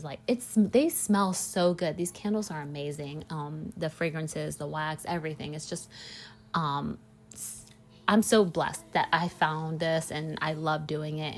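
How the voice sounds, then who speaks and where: A candle maker who runs a small business chats casually in a storytelling vlog, rambling with lots of "like" and "you know." Her voice is low-pitched and steady, and she talks at a normal speed.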